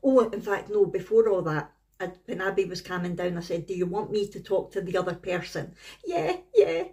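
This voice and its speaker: A woman's voice: fairly low pitch, steady tone, fairly quick, darkish tone. A middle-aged woman with a Scottish accent talks straight to camera in a home vlog. She tells her story in a chatty, rambling way, like she is catching up with a friend. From Scotland. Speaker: family vlogger. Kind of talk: casual talking-to-camera vlog.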